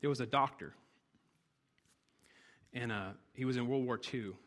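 A male preacher delivering a sermon in a church sanctuary, his voice sitting at an ordinary middle pitch. He presses his message through insistent, repeated phrases. The sound carries a long hall reverb from the room. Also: a little slow, fairly bright tone.

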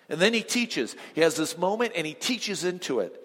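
A male pastor preaching a sermon, swinging from emphatic lines to hushed ones and quizzing the congregation. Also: high-pitched, expressive, normal speed, hardly any pauses. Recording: long reverb of a large hall.

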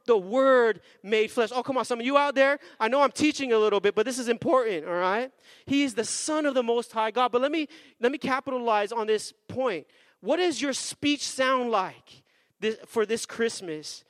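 A man preaching a sermon as pastor, energetic with call-and-response and slowing down for emphasis. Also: very high voice, dry recording. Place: church sanctuary.

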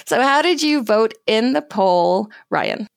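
A woman's voice: fairly high pitch, animated, slow pace, vocal fry, no room sound. A woman hosting a gaming podcast in casual chat, reading poll results and laughing often. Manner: playful, laughs often, does gangster voices. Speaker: podcast host.

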